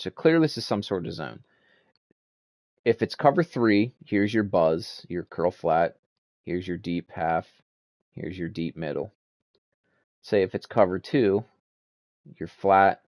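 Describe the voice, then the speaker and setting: A man's voice: low voice, a little mellow, no room sound. A young man giving casual, rambling commentary over a football game he set up, frustrated and swearing freely. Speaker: league commissioner playing a football game.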